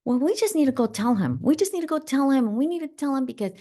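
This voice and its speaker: A woman's voice: sits high, lively intonation, warm tone, pitched above the performer's own voice. A woman putting on a furious ranting teenage girl. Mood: indignant. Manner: rapid, ranting, indignant. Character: furious ragged teenage girl, her younger self.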